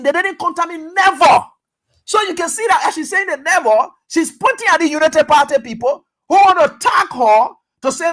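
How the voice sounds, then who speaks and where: Radio host, high voice, emphatic, repetitive, rhetorical questions. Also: a bit bright. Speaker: radio talk show host. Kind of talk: political commentary.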